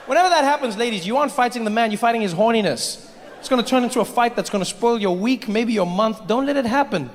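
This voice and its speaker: Stand-up comedian in a big hall. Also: male voice, very high-pitched, lively intonation, fast, a little hiss or hum. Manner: conversational, addresses the audience directly. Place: large venue, live audience. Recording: live hall with long reverb and faint crowd.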